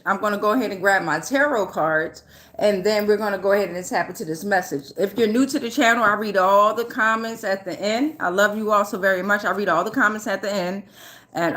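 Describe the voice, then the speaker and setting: A woman's voice: mid-range voice, fairly bright tone. A woman giving a casual, loose and chatty tarot reading, swearing freely and often checking in with her listeners. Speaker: tarot reader.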